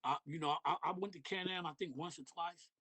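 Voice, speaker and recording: A man's voice: a little high, fairly even intonation, fast talker, bright, forceful tone. A middle-aged man from Detroit, a podcast guest in casual interview chat, talking loosely in street slang with lots of "you know what I mean".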